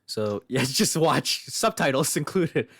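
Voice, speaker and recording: Lively laughing young man, dry mic. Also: fairly high pitch, slow, vocal fry, dry recording. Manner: laughs often, lots of fillers. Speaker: podcast co-host. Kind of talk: casual chat.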